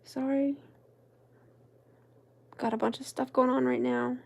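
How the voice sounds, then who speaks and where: A woman voicing a busy, breathless young man on the phone in a hurried, apologetic whispered role-play. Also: very high-pitched, little pitch movement, creaky, a little mellow, exaggerated voice.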